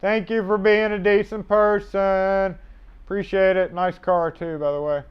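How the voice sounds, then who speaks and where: A man with a drawl, his voice sitting a bit high for a man. He chats loosely while working, wandering between thoughts and tossing in the odd swear word. He talks into a mobile mic in a locksmith shop. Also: little pitch movement, unhurried, clear, resonant tone, highs cut off. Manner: rambling, offhand, swears and chuckles while working. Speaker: locksmith livestream host. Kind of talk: casual live-stream chat.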